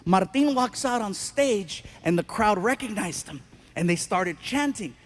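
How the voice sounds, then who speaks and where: A man performing stand-up comedy, telling a story in an animated way with bursts of shouting. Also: high voice, measured pace, very noisy.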